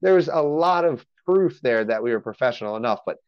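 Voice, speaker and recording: A man's voice: mid-range voice, animated, brisk, clean tone, dry recording, muffled recording. A man telling a rambling story in casual podcast chat, cussing freely. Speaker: podcast guest.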